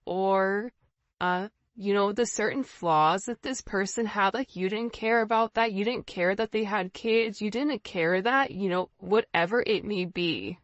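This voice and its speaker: Slow earnest woman doing a tarot reading, kinda muffled lo-fi audio. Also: mid-range voice, no echo. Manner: intuitive, repetitive, earnest, talks straight to the viewer. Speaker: tarot reader. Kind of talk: casual tarot reading to camera. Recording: slightly dull lo-fi sound.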